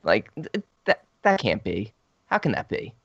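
A man talks over a film with friends, eagerly working through its plot in detail. His voice sits at an ordinary pitch. The recording is dry and close, and a little dull. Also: huge pitch swings, unhurried, creaky, a bit bright, husky, dry recording. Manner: eager, explains plot at length. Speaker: podcast co-host. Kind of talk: casual film discussion. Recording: dry, slightly dull sound.

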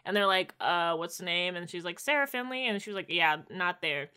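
A woman casually recapping a TV episode as podcast co-host, slangy and expressive, voicing characters' quotes. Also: on the low side, brisk, clean tone.

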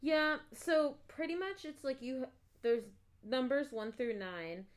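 A woman's voice: sits high, slow pace. A young woman co-hosting a podcast, chatting casually with short reactions and jokey asides. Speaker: podcast co-host. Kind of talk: casual chat.

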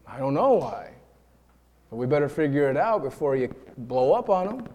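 A preacher from New York giving a lively sermon, acting out quoted voices and repeating words as he builds his points. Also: fairly high pitch, moderate pace. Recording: long reverb of a large hall.

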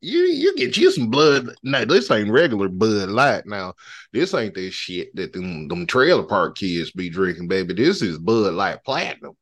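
A man's voice: lowish voice, sing-song, moderate pace, fairly bright tone. A man co-hosting a podcast, talking in a drawling, folksy way with stammered restarts. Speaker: podcast co-host. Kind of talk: casual chat.

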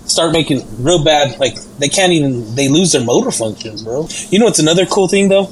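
A man's voice: on the high side, lively intonation, a little fast, rough recording. A young man in a casual podcast chat, easygoing and explaining things with lots of fillers. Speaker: podcast co-host.

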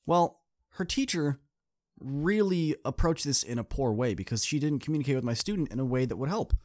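A man's voice: lively intonation, brisk, a little mellow. A man, a student coach and podcast host, tells a story in an earnest, direct way and speaks straight to his listeners. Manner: acts out quoted people with shifts in pitch. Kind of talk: casual podcast monologue telling a story.

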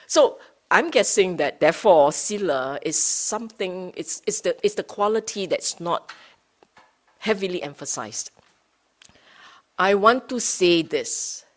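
A woman teaching Buddhist Dhamma to a study group, unhurried, rephrasing her points and often checking in with her listeners. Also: lowish voice. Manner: rephrases and repeats points for emphasis.

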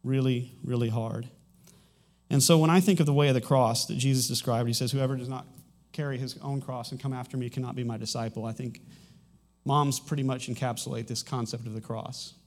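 A man's voice: mid-range voice, fairly even intonation, brisk, a little mellow. A man in his thirties delivers a sermon in a loose, conversational way. He often restarts his sentences and lets a light humor through as he goes. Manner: conversational and rambling, with frequent restarts. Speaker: pastor.

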